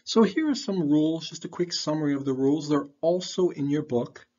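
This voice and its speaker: A man's voice: on the high side, fairly quick, darkish tone. A man teaching an online English lesson, talking patiently and repeating his questions, with a throat candy in his mouth. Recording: dull lo-fi recording.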